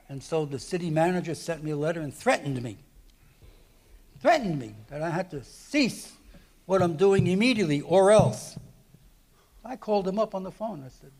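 A middle-aged man from New Jersey preaching a sermon, telling stories with many restarts and lively swings in loudness. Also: a little fast. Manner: animated storytelling, many restarts, lively swings in pitch and volume. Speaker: guest preacher. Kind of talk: sermon with retold dialogue.

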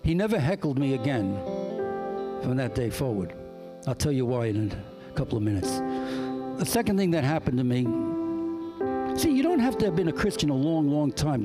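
A man's voice: mid-range voice, big pitch swings, brisk. A man preaching a sermon, earnest and emphatic, repeating his key phrases as he tells personal stories. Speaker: pastor. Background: soft guitar music.

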